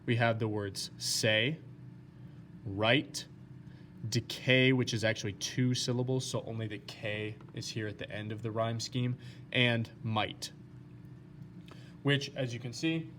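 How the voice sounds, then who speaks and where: A man's voice: medium pitch, slow, pauses often, slight background noise. Man teaching a recorded lesson. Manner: plain, steady explaining with fillers. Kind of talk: recorded lesson talking through slides.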